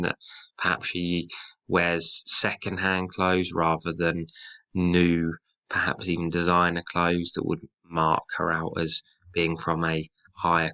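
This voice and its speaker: A man teaching a recorded English lesson, explaining a poem line by line in a measured, explanatory way. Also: deep voice, pushed and bright, poor audio. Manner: explanatory, measured, occasionally slips into dialect when quoting.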